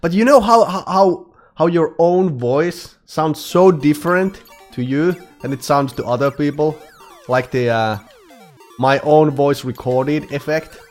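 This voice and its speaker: A man's voice: a little high, measured pace, faint music behind. A man streaming a game live, chatting casually, rambling with restarts, swearing and laughing often. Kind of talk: casual live-stream chat while gaming.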